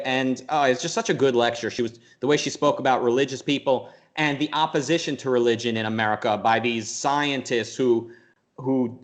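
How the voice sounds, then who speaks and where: Rambling, thoughtful young man. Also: medium pitch. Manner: thoughtful, rambling, restarts a lot, sometimes mimics voices. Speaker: interview guest. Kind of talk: casual conversational interview.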